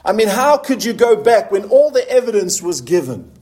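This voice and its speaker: A male preacher delivering a sermon, asking the listeners questions and reading scripture slowly and earnestly. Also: high-pitched, big pitch swings, warm tone.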